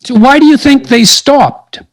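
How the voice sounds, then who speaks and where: A man's voice: very high-pitched, a little slow, rough recording. A man hosting a podcast, talking earnestly and emphatically as he restates and expands on his guest's points. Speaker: podcast host. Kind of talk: interview discussion.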